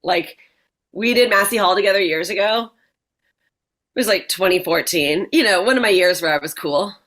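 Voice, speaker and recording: A woman's voice: medium pitch, moderate pace, fairly bright tone. A woman in her forties, a stand-up comedian, chatting casually as an interview guest, laughing often and swearing freely. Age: 40s.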